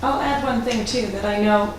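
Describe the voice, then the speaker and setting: A woman's voice: medium pitch, normal speed, noisy background. Insistent woman in a distant echoey room. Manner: insistent, justifying. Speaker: library board committee member. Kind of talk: heated board meeting argument. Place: library meeting room. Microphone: distant camera.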